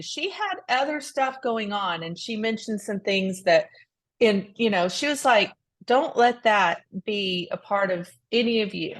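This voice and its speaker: On a casual faith podcast, a female co-host shares a heartfelt story on a ministry show. Her everyday mid-range voice is expressive and a little slow, and she speaks earnestly, often restarting sentences.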